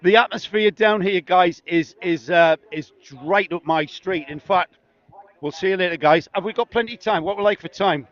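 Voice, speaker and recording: A man's voice: sits high, normal speed, fairly bright tone. A middle-aged man from northeast England with a northeast English accent, doing chatty, teasing on-the-spot interviews outdoors at a racetrack with a handheld mic. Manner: chatty and teasing, jokey banter. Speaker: trackside roving interviewer. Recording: dull lo-fi outdoor sound.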